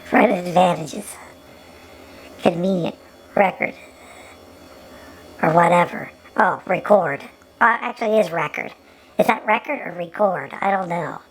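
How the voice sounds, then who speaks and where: A woman's voice: fairly low pitch, moderate pace, gravelly, a little hiss or hum, poor audio. A woman giving sarcastic running commentary over an old film, often stumbling and repeating her words.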